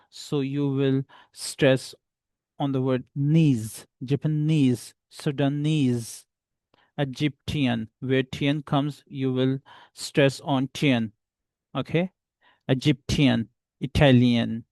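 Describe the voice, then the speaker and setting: Male English teacher, slow and gravelly, dry close sound. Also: mid-range voice, darkish tone, no room sound. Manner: slow, patient, repeats example phrases. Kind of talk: beginner English lesson.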